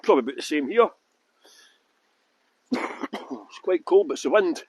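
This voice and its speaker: A man's voice: on the high side, expressive, normal speed, a little mellow, slightly rough, no room sound. A man with a Scottish accent hosting a live walking tour outdoors by a fountain, chatting casually and making flippant jokes. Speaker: tour guide. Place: outdoors by a fountain in a windy city square.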